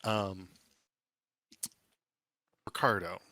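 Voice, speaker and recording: A man's voice: sits low, steady tone, drawn-out words, sharp tone, dry recording. A man narrating as dungeon master, describing scenes with frequent fillers and restarts. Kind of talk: narrating a tabletop game.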